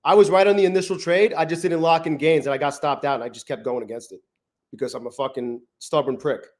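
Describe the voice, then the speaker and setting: A man streaming his futures trades live from his garage, thinking aloud and swearing often, swinging from flat muttering to loud gloating. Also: a little high, quick pace. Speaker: trading livestreamer. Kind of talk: live trading stream commentary. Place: home garage.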